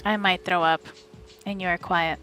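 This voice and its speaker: A woman from the USA streaming a live audiobook reading, narrating in a steady, wry first person. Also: lowish voice, normal speed, soft background music.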